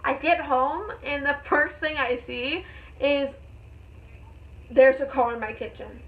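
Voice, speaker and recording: A young woman vlogger telling a story in a rambling, excited way, with lots of fillers. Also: high-pitched, takes it slowly. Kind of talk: casual storytelling vlog. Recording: tinny phone-like sound.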